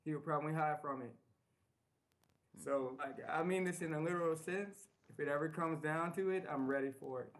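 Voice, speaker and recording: A man's voice: a little high, a little fast. Earnest man repeating himself for emphasis. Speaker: guest. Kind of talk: interview talk. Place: small TV studio.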